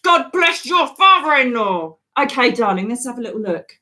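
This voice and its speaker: A woman's voice: a little high, very animated, moderate pace, sharp tone. A woman hosting a livestream, giving psychic readings in a chatty manner and calling viewers darling. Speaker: psychic medium host. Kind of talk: live psychic reading chat.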